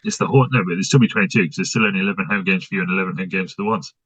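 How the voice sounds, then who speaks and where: Deep, husky Midlands man, dry delivery. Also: rapid-fire, fairly bright tone, dry recording, muffled recording. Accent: English Midlands. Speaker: podcast co-host. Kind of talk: casual chat.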